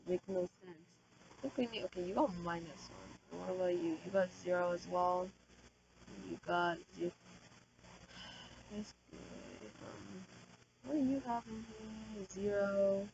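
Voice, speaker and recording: Loud, excitable woman gaming. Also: mid-range voice, normal speed, muffled recording, slight background noise. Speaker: gaming channel host. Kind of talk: casual gameplay commentary. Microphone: desk microphone.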